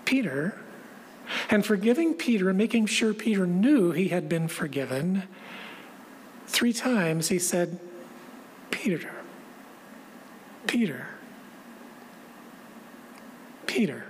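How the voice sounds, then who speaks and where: A woman pastor giving a reflective, measured sermon and repeating key phrases. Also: medium pitch, lively intonation, darkish tone. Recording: long reverb, faint background noise.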